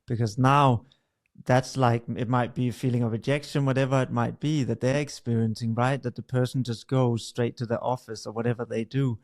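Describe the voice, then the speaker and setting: A man's voice: mid-range voice, steady tone, a little fast. A man, co-hosting a podcast about relationships, explaining patiently and often checking in with "right?". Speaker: podcast co-host, couples expert. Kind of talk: conversational explanation, role-playing a partner.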